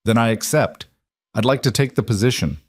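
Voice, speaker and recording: A man voicing a weary single father who speaks in a cautious, earnest and gently tender way. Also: mid-range voice, expressive, brisk, slightly rough, dry recording. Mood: wary.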